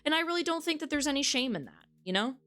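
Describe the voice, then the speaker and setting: A woman's voice: sits high, lively intonation, quick pace, fairly bright tone. A woman streaming a dating game, reading its text aloud and chatting casually with viewers, frank and swearing freely.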